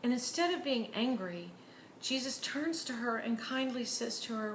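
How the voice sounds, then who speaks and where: A woman preaching a sermon in an earnest way, dropping to hushed, near-whispered words for emphasis. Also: on the high side, lively intonation, normal speed, reverberant, a little hiss or hum, rough recording. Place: church.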